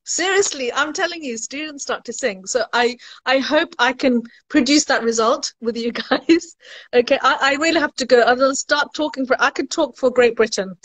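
A woman's voice: high-pitched, normal speed, a bit bright. A woman education recruiter chatting casually on a live stream, laughing at her own jokes and answering viewers' questions.

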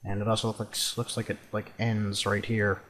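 A young man casually commenting on his own gameplay, chatty and quick to swear and exclaim. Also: lowish voice, completely flat delivery, fairly bright tone. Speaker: let's play host.

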